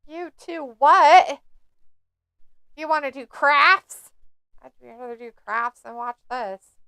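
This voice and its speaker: Woman, snarky live-stream commentary, high voice, dry close sound. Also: takes it slowly, pushed and bright, no room sound. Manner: snarky, jokey, mocking the wrestlers. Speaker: watch-along host.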